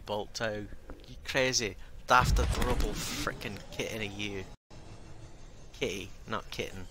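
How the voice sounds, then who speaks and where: A man talks through a game in a relaxed, chatty way, cursing freely and stopping to coax his cat. He speaks slowly and at an ordinary middle pitch. A loud steady noise fills the background of the recording. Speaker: gaming video creator. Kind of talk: casual gameplay commentary.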